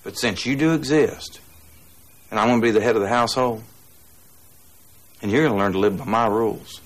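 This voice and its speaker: An actor playing a crude, bullying man who lays down rules with gruff, profane swagger. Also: fairly low pitch, fairly quick, natural voice. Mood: menacing. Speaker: film character.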